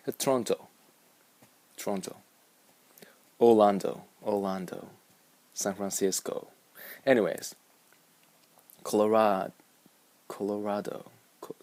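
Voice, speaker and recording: A man's voice: sits low, creaky, darkish tone, no room sound. A young man with a Japanese accent, rambling and musing aloud in a casual vlog. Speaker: vlogger.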